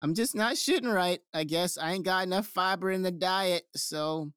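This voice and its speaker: A man's voice: high voice, normal speed, fairly bright tone, smooth, dry recording, clean studio sound. Profane joking man on a podcast. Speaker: podcast co-host. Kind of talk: crude casual podcast banter.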